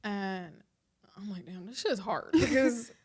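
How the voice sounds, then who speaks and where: A woman co-hosts a casual podcast chat at a middle pitch. She tells stories with animated energy and acts out each quoted line in its own voice. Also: unhurried, slightly rough. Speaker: podcast co-host.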